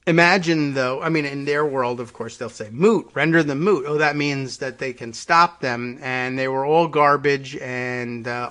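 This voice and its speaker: Brief: male talk host, slightly higher voice, reads headlines then adds dry sarcastic commentary. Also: fairly bright tone. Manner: wry, sarcastic asides between read passages. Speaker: podcast host. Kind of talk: reading news aloud with commentary.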